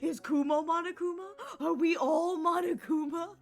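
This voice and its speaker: A woman's voice: very high voice, fairly even intonation, normal speed, soft background music. A woman streaming a game, laughing hard and squealing through casual commentary.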